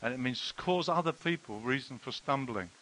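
Animated male preacher. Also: medium pitch, normal speed, poor audio. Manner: animated storytelling with sudden loud exclamations and hushed passages. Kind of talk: sermon. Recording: faint hiss.

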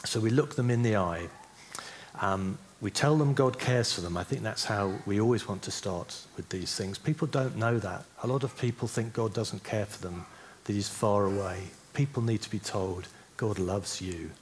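A man with a lowish voice gives a relaxed church teaching on healing prayer. He talks conversationally and keeps checking that listeners follow with a quick "yeah?". A faint hum sits behind him. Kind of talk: teaching talk to a church group.

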